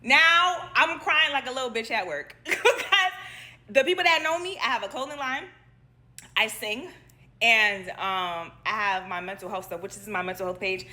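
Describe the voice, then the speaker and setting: A woman's voice: a little high, moderate pace. A young adult woman, a nurse, casually telling a personal story to her followers, acting out what people said and laughing as she goes. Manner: animated, acts out quotes, laughs while telling.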